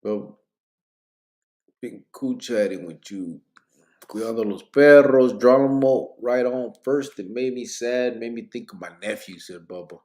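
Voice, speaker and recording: Hosting a late-night live podcast, a man sounds sleepy and yawns as he reads viewer comments aloud, joking in a laid-back way and mixing in Spanish slang. His voice is medium-pitched and a little mellow, at a measured pace.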